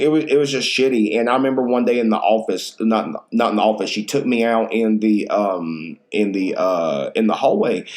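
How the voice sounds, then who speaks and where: A podcast host in his thirties, with a medium-pitched and slightly mellow voice, tells rambling stories on his casual solo show, full of slang and swearing.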